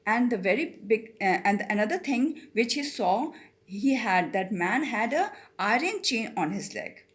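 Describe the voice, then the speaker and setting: A woman's voice: fairly high pitch, sing-song. A middle-aged woman teacher, reading a story aloud and explaining it line by line, with some Hindi. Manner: reads a line, then explains it slowly, switching into Hindi.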